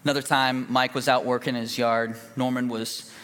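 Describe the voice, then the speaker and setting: Male pastor, mid-pitched, folksy storyteller with restarts, delivering a sermon in a reverberant church hall. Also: level tone, moderate pace, fairly bright tone, smooth. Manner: folksy, conversational, with fillers and restarts.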